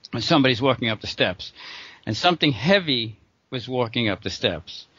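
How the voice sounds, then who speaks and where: A man's voice: medium pitch, no room sound, lo-fi sound. A middle-aged man rambling through a true story in casual conversation, with lots of restarts and short laughs. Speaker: guest telling a true story.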